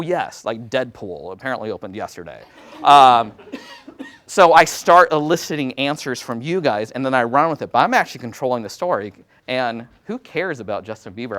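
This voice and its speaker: A male teacher talks through a workshop in a loose, conversational way. His voice sits at an ordinary, mid-range pitch. He pokes fun at himself and drops in quick quoted asides as he goes. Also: a bit bright. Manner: casual, self-deprecating, chatty with many fillers and quoted asides. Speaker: Latin teacher presenting a workshop.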